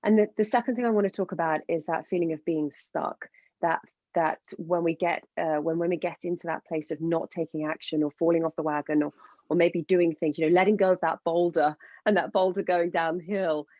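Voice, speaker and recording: A woman speaks with passion as a fertility coach on a podcast. Her voice is warm and mellow, and the sound is dry and close. The recording is a little dull and lo-fi. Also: lowish voice, fairly even intonation, a little fast, no room sound. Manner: passionate, enthusiastic explaining. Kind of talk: podcast interview.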